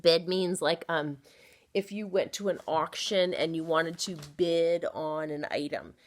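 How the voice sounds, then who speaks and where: Woman sounding out words slowly. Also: low voice. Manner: slow, drawn-out sounding of words; playful, chatty storytelling. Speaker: teacher. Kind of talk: phonics lesson for young children. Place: home, at a small easel.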